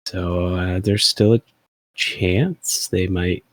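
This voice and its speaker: A man's voice: sits low, steady tone, slow. A man playing his character in a tabletop game, rambling in a laid-back way with laughing asides. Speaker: player. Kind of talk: in-character tabletop role-play.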